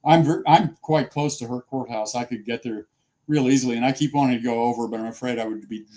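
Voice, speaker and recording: Male lawyer, halting and self-mocking, casual chat. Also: medium pitch, dark tone. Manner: halting, self-deprecating joker.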